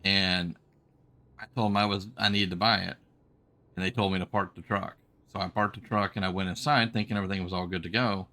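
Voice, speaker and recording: At a home setup, a man plays a trucking game on stream and recounts an old road story into his desk mic. His voice runs slightly low but stays bright and forceful, with a steady tone and a brisk pace. It's casual gaming-time storytelling, folksy and rambling, packed with ums and restarts.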